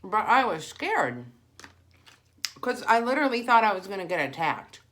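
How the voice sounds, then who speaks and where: A woman, telling a story in a chatty, animated vlog style. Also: medium pitch, normal speed. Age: 40s. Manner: animated, chatty, heavy use of "like". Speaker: vlogger. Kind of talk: casual storytelling while eating.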